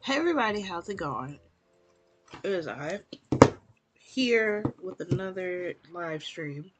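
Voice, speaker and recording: A laid-back streamer talking slowly and easily in a middle-pitched voice while eating on a live stream. The talk drifts along with plenty of pauses and filler words. It sounds like a casual home setup recorded on a webcam or phone mic. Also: background noise. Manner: relaxed and unhurried, trailing off with ums and laughs.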